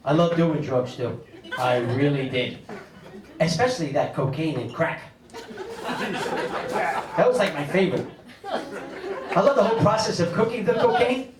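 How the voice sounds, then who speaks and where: A man, doing a stand-up comedy set on a club stage with animated storytelling and big pitch swings for punchlines. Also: a little slow, pauses often. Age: 50s. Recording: echoey club audio, mic a bit distant, loud crowd laughter.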